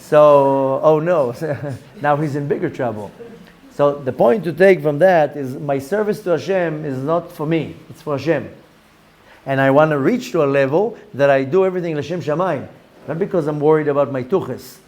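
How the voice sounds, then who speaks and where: Middle-aged rabbi, lively storyteller, voice sits a bit high. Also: male voice. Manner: animated storyteller, acts out quoted voices, mixes Hebrew terms. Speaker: rabbi teaching Kabbalah. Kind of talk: storytelling Torah lesson.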